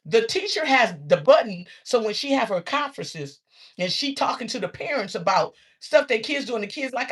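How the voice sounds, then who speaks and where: Animated woman, husky voice, lively pitch. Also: moderate pace. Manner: animated storytelling, acts out quotes with sudden high squeals. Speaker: social media talker. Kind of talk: casual monologue to viewers.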